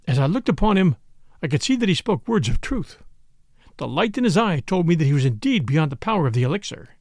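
Gravelly, expressive male storyteller. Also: fairly high pitch, brisk, dry recording, clean studio sound. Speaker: audiobook narrator. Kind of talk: dramatic first-person narration.

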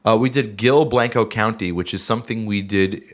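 A middle-aged man with a fairly low voice chats on a podcast, sidetracking and restarting as he talks through his band's stories. His voice sounds slightly worn from being sick. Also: normal speed, a bit bright. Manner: rambling, self-interrupting storyteller. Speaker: band member and podcast host. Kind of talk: casual chat.

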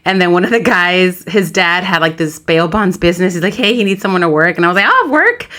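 Animated woman telling a story. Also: fairly low pitch, fast talker. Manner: animated storyteller, acts out quoted voices. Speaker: podcast co-host. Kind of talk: casual chat.

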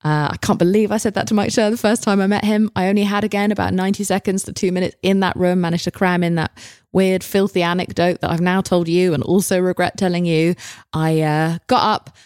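A woman's voice: lowish voice, level tone, brisk, a little mellow, clear, resonant tone, no echo, clean studio sound. A woman in her thirties with an English accent, telling a story solo on her podcast in a candid, self-mocking way, swearing freely. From England. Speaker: podcast host.

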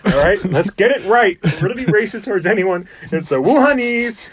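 A young man hosting a comedy podcast, with a slightly high voice and loose, joking banter. He swears freely and keeps trailing off and restarting. The sound is dry and close to the mic. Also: expressive, moderate pace, husky, no room sound.

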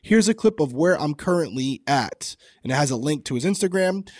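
A man's voice: fairly high pitch, animated, a little fast, hardly any pauses, a little mellow, no echo, clean studio sound. A man co-hosting a casual podcast, reading things aloud and commenting bluntly with plenty of swearing. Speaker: podcast co-host.

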